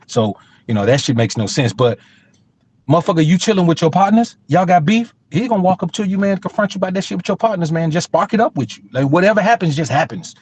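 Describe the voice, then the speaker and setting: A middle-aged man spinning a street story in a loose podcast chat, swearing freely and hammering his points home. His voice sits fairly high for a man. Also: expressive, fast talker, breathy edge. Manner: profane, emphatic, streetwise storytelling. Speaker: podcast co-host.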